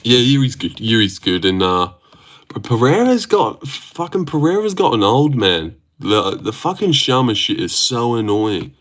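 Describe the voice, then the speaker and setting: A man's voice: mid-range voice, sing-song, unhurried, a bit bright. A young man hosting a casual livestream, reading chat aloud and joking around with plenty of swearing. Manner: sweary, joking, laughs often.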